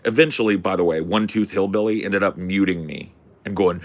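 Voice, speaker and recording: A man hosting a podcast, ranting through a story as a brash, profane self-declared loudmouth who keeps asking "right?". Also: deep voice, moderate pace. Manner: punctuates points with "right?". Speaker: podcast host. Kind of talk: casual storytelling rant.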